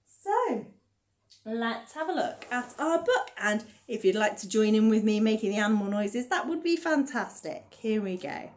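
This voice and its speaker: High-voiced gentle librarian woman. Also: very animated, normal speed. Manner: gentle, encouraging, talks to parents and babies. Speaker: children's librarian. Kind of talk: baby rhyme and story session.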